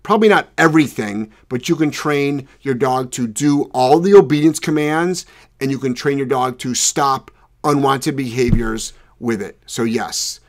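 A man hosting a live dog training podcast, talking loudly and rambling in an excitable, casual way. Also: mid-range voice, normal speed. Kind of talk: casual live show chat.

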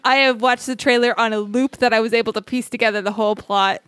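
A woman co-hosting a podcast with a fairly high voice. She tells stories casually, rambling and giggling along the way. The sound is dry and close. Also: fairly even intonation, fast talker, fairly bright tone, smooth, dry recording. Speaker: podcast co-host. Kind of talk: casual chat.

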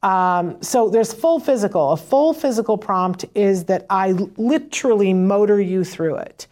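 A woman walks parents through teaching techniques in a relaxed, conversational way. She keeps checking in with "right?" and briefly acts out both sides of short exchanges in a livelier voice before going back to her explanation. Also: mid-range voice, a little slow. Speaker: parent educator on autism teaching. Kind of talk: casual instructional talk.

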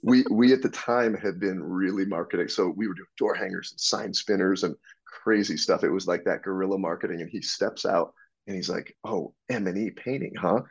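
A man telling stories as a podcast guest, animated and frank, acting out dialogue and swearing freely. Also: deep voice, brisk, gravelly. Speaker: podcast guest, business owner. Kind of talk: casual interview storytelling. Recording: dull lo-fi sound.

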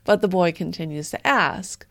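A woman with a slightly low voice co-hosts a casual podcast and retells creepy folklore. She keeps a wry, deadpan tone and drops in casual swearing. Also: moderate pace, creaky. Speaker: podcast co-host.

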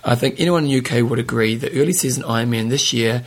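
A man's voice: medium pitch, fast, breathy edge. A man co-hosting a casual talk show, joking and reading listener notes aloud. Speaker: podcast co-host. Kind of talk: casual chat.

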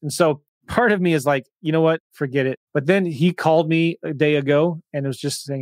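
A man's voice: on the high side, brisk, few pauses, no echo, clean studio sound. A man coaching viewers in a live-streamed question-and-answer session, talking casually and animatedly, with exasperated asides. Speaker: real estate investing coach.

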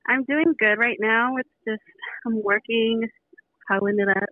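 Giggly 20s woman from california on a tinny phone call, kinda high voice. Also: a little slow. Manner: excited, giggly fan. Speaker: caller. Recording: tinny dry phone line.

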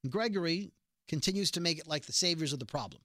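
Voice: medium pitch, quick pace, no room sound. Mid-range voice for a snarky TV recap podcast host who acts out the scenes; dry booth sound. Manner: sarcastic, animated retelling of scenes. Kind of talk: casual TV episode recap.

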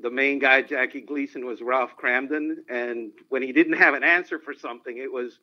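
A man's voice: medium pitch, fairly even intonation, moderate pace, bright, forceful tone. A man telling anecdotes as a guest in an interview. He tells them animatedly and often laughs. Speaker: sportswriter guest. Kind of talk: phone-in interview storytelling. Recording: dull lo-fi line.

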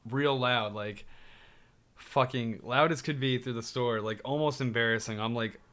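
A man's voice: medium pitch, fairly even intonation, moderate pace, fairly bright tone. A young man in casual chat, rambling through a story with lots of fillers and swearing.

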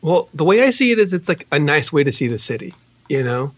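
An improv comedy performer who rambles in a chatty, excitable way. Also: medium pitch, brisk.

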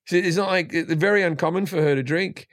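A man's voice: a little high, fast talker, a bit bright, dry recording, clean studio sound. A middle-aged Australian man, a guest comedian in casual podcast chat, who tells stories with voiced quotes and swears freely.

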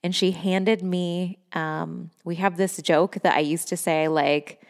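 A woman's voice: lowish voice, fairly even intonation, takes it slowly, big-room sound. A woman hosting a podcast, telling a personal story in a candid, effusive way, often laughing, swearing freely and saying "like" a lot. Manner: laughs often between phrases. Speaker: podcast host.

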